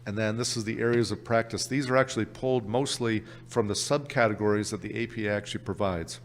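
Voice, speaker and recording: A man with a Canadian accent presenting an exam prep workshop at a conference, brisk and upbeat. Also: fairly low pitch, big-room sound, a little hiss or hum. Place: conference session room.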